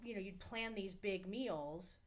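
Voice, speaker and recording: A woman's voice: mid-range voice, measured pace. A middle-aged woman, a podcast guest, telling stories in a candid, profane, rambling way with lots of fillers. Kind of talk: casual storytelling.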